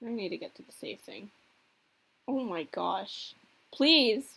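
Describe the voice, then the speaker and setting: A woman's voice: medium pitch, expressive, takes it slowly, gravelly, fairly bright tone, breathy edge. A young woman chatting and giggling as she reacts to a visual novel she plays on video. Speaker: gamer playing a visual novel. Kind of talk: casual let's-play commentary.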